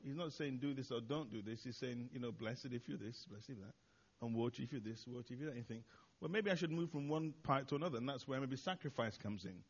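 A man's voice: mid-range voice, fast, few pauses, breathy edge, muffled recording. A man at a church service reflecting on the sermon in a loose, hesitant way, full of "uh"s and restarts and poking fun at himself. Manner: hesitant, with many "uh"s and restarts, self-deprecating. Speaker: church leader responding to the sermon. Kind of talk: informal reflection after a sermon.

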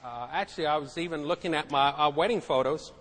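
Middle-aged male preacher, high voice, emphatic, repeats himself; hall echo. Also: fast, fairly bright tone. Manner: emphatic, repeats words, asks the congregation questions. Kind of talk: sermon. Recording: echoey hall.

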